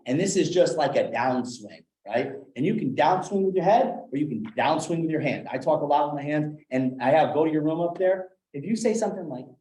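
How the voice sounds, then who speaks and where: A man running a live sales training session, animated, acting out different tones of voice as examples. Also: a little high, fairly quick, few pauses. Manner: animated, demonstrates tones with acted quotes. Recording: echoey room.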